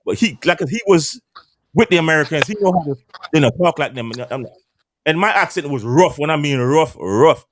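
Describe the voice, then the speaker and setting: A man in his fifties talks in a voice pitched a little high, and his pitch swings widely as he speaks. He tells stories in casual barbershop chat, swearing freely and stumbling over repeated words. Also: normal speed, a little hiss or hum. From Caribbean island. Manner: animated, repeats and restarts words, streetwise swearing. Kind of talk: casual storytelling.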